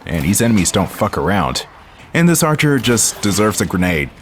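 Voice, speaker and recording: A young man with a lowish voice chats casually over his gameplay, dry and wry, talking to viewers as he goes. A faint hiss of background noise sits under the recording. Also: sing-song, normal speed. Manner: laid-back, wry, talks to the viewer while playing. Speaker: gaming channel host. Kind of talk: casual let's-play commentary.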